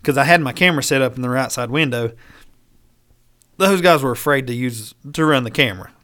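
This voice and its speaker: A man with a medium-pitched voice tells a hunting story fairly quickly. His talk is casual, animated and profane, and he acts out the lines of the people involved.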